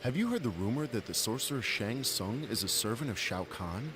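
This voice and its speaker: Sly thief guy gloating in a game, pitch jumps around, a man doing him. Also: animated, brisk, loud music behind the voice, natural voice. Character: sly male rumor-teller and pickpocket.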